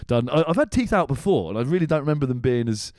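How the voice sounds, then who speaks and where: A man's voice: mid-range voice, animated, quick pace, darkish tone, no room sound. Guy rambling a story on a podcast, laughs a lot, swears, dry sound. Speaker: podcast host. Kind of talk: casual chat.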